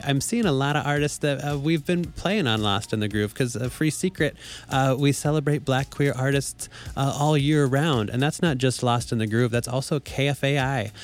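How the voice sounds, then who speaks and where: A man in his forties hosting a community radio show, talking casually with lots of fillers. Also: mid-range voice. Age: 40s. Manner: warm, halting, many fillers. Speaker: radio host.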